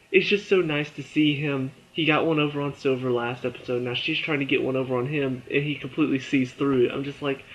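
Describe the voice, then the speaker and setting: A worn-out man talks through a TV episode review in a loose, rambling way, with many "um"s and restarts. His voice sits at an ordinary middle pitch. The recording sounds dull and a little lo-fi. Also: fairly even intonation, brisk, hardly any pauses. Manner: rambling, filler-heavy, frequent restarts. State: tired. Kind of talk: casual spoken review.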